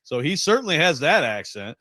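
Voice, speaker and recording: A man's voice: on the high side, sing-song, a little fast, bright, forceful tone, no echo. Chatty man on sports radio. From Western Michigan. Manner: chatty, rambling, jokey asides. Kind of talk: casual radio banter.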